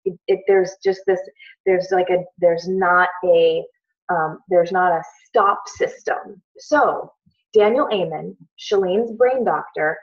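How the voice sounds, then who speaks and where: A woman's voice: lowish voice, takes it slowly. A middle-aged woman talking casually to her team, telling a story with many fillers and restarts. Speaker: team leader on a call. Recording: muffled lo-fi call audio.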